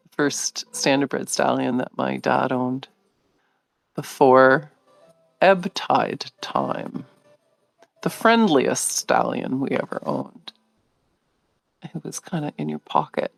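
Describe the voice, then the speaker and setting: A middle-aged woman hosting a live video, telling a story in a casual, animated way, laughing often and acting out what others said. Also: a bass voice, slow pace, creaky, long pauses, dry recording, soft background music. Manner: animated, laughing, acts out quoted voices.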